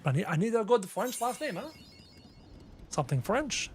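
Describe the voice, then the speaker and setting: A Canadian man chats casually with viewers while streaming a game, faint music playing behind him and slight background noise present. His voice is high-pitched and sing-song, at a moderate pace. He mutters as he reads lists aloud.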